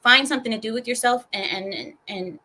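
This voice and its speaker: Young woman host with a sarcastic, animated ranting delivery and a bright voice. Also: on the high side, fairly quick, slight background noise, rough recording. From California. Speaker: streamer and host. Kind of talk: ranting news commentary.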